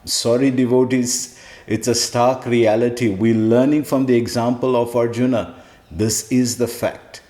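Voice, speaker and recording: A man's voice: medium pitch, little pitch movement, a little slow, warm tone. Emphatic male preacher in an echoey room. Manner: emphatic, repeats key phrases. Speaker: spiritual teacher. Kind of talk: sermon. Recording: roomy echo.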